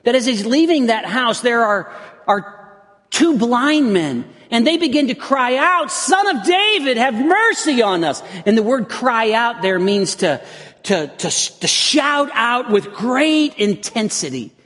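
A pastor delivers his sermon in a high, slightly husky voice. He preaches earnestly, often restarting phrases as he builds toward intense emphasis. The sound carries the long reverb of a church hall. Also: animated, unhurried, fairly bright tone.

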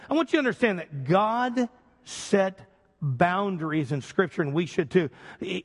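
A fairly high-pitched man preaches a sermon in an earnest way, slowing and sinking his voice low on key words. His voice trails off into the long reverb of a church sanctuary. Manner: earnest preaching, slows and drops low for emphasis. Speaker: pastor.

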